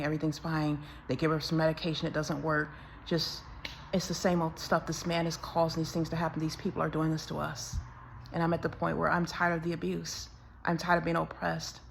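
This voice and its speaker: A woman's voice: low voice, gravelly, slight background noise. A woman talking to camera in a tired, aggrieved monologue, repeating herself as she goes on. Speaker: vlogger.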